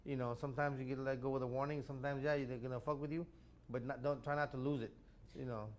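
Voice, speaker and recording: Fast-talking stammering man telling a story. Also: medium pitch, a little hiss or hum. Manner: animated, stammering repeats. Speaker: comedian guest. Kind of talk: casual storytelling chat.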